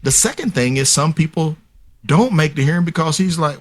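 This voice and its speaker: A man's voice: on the high side, lively intonation, moderate pace. A man speaking as a guest expert on a podcast interview, explaining at length in an emphatic, lecturing way and addressing listeners directly. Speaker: guest expert on paternity fraud.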